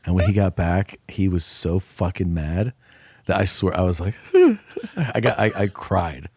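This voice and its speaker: A man's voice: low-pitched, normal speed, breathy edge, no echo. A man co-hosting a podcast, telling stories in casual chat, swearing and laughing as he goes. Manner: expressive, swearing, laughing storyteller. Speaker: podcast co-host.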